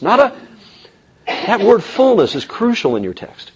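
A man teaching a Bible class in an emphatic, animated way, with frequent ums and uhs. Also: medium pitch, moderate pace, husky. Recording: dull lo-fi recording.

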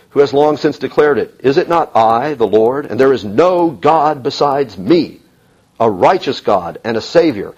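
Man, Bible teacher, husky, lively pitch, emphatic, filler words, muffled lo-fi recording. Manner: animated, emphatic, with frequent fillers. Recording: dull lo-fi recording.

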